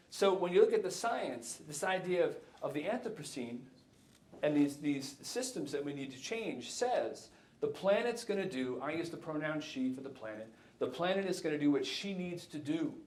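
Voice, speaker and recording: Animated man in his fifties, echoey hall. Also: fairly high pitch, normal speed. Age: 50s. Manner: animated, jokey, addresses the audience. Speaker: keynote speaker. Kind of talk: conference talk. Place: lecture hall.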